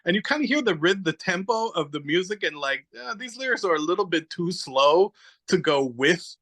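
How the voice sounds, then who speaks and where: On a podcast, this guest's expressive, somewhat bright voice sits high and moves at a moderate pace, with poor audio. His casual chat is an animated, rambling story in which he searches aloud for names and acts out little quotes.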